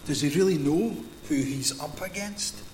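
A man's voice: on the high side, normal speed, darkish tone, a little hiss or hum. A Scottish man preaching a sermon in a conversational storytelling manner, in a large hall or church. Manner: storytelling, conversational, acts out Bible scenes. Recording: echoey hall with long reverb.

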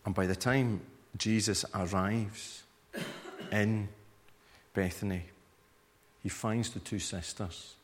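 A man preaching a sermon in a low, conversational voice. He keeps asking listeners to picture themselves in the scene, and a long hall reverb trails after each phrase. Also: steady tone, slow, pauses often. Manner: conversational, invites listeners to imagine the scene, acts out reactions.

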